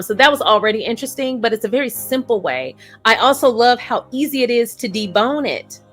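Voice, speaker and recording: Bright, chatty woman reviewing a show. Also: medium pitch. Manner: chatty and animated, laughs while telling stories. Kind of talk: casual review and storytelling.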